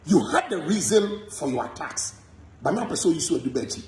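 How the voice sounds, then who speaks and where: A man's voice: on the high side, fairly quick, roomy sound, very noisy. A Ghanaian man delivering a heated, repetitive gossip monologue, speaking straight to a rival. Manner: animated, repetitive, code-switching rant.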